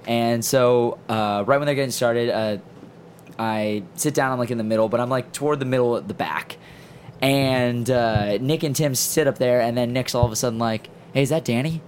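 A young man telling a story in casual podcast chat, animated and laughing often. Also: mid-range voice, moderate pace, a little hiss or hum. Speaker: podcast co-host.

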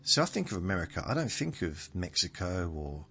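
A low-voiced man with a southern English accent speaks briskly, very animated and a bit bright. Hailing from southern England, this podcast host delivers a meandering monologue, correcting himself along the way, meant to help listeners drift off.

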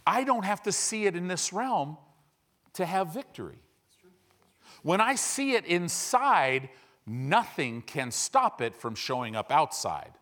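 A man preaching a sermon as a pastor, swinging from loud declarations to hushed asides and acting out little conversations. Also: on the high side. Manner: lively, swings from loud to hushed, acts out dialogues. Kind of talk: animated sermon.

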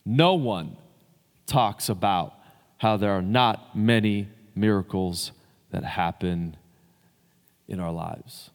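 A man's voice: on the low side, takes it slowly, pauses often. A man preaching a sermon in a loose, conversational way, with fillers and restarts, addressing his congregation. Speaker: pastor. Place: church sanctuary. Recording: long hall reverb.

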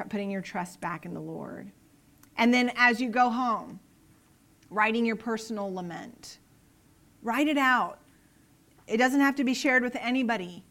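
A woman preaching a sermon in an earnest way, moving between soft, quiet lines and emphatic ones, and closing in prayer. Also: mid-range voice. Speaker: pastor.

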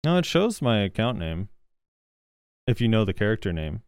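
A man's voice: on the low side, big pitch swings, moderate pace, a little mellow, clear, resonant tone, no room sound. A man co-hosting a gaming podcast, reading out viewer comments and reacting in a loose, hesitant way with lots of fillers. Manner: casual, hesitant, many fillers. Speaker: podcast co-host.

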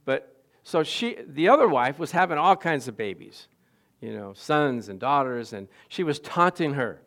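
A middle-aged man preaching a sermon, swinging between quiet asides and loud, emphatic lines and putting questions to the congregation. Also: medium pitch, very animated, normal speed. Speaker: pastor.

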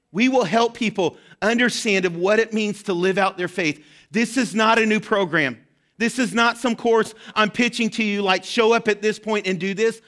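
A man preaching a sermon as pastor, impassioned and direct, rising to shouts at the peaks. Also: high-pitched.

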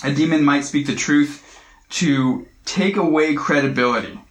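A man's voice: fairly high pitch, unhurried. Casual man teaching Bible study, roomy. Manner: conversational, repeats words, asks "right?".

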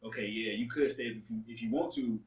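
A man co-hosting a podcast in casual chat, excitable and full of "like". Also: mid-range voice. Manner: fast, excitable, lots of "like". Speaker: podcast co-host. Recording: echoey room, distant mic.

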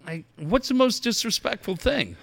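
A man in his forties hosting radio talk, his voice bright and slightly high for a man. He swings his pitch widely as he tells blunt, profane stories. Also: lively intonation, normal speed, gravelly, slightly rough, no echo. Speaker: radio host. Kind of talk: casual radio banter.

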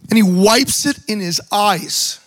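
A man preaching a sermon as pastor, animated, acting out Bible scenes with shouted bursts and joking asides. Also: high voice, slow pace.

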